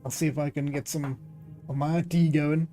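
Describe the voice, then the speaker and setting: A man's voice: a little high, fairly even intonation, normal speed, mellow, faint music behind. A man streaming a game live, chatting casually and reading its text aloud, laughing often.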